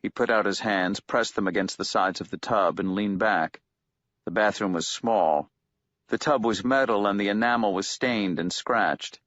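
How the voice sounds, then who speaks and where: A man narrating an audiobook in a measured, steady way. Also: lowish voice, no room sound. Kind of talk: scripted narration. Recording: dull lo-fi dry recording.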